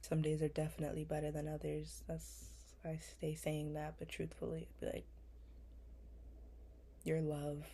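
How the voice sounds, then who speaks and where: A woman's voice: low voice, monotone, dark tone, slight background noise. A young woman in her twenties, a vlogger answering interview questions in casual, reflective talk, earnest and emotional, with frequent fillers. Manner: earnest, emotional, drawn-out pauses, many fillers. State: close to tears.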